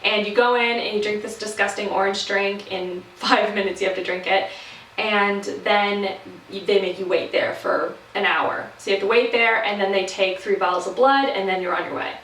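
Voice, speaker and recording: A woman's voice: medium pitch, fairly even intonation, normal speed, a bit bright, far from the mic, slight background noise. A young woman from Canada chatting casually in a vlog update, rambling with fillers and restarts. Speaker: vlogger. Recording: roomy echo, voice set back from the mic.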